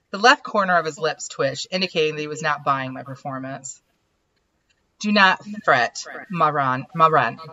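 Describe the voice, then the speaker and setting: A woman hosting a writers' podcast, reading her own fiction aloud and chatting in an animated, self-deprecating way. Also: deep voice, no room sound. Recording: dull, lo-fi sound.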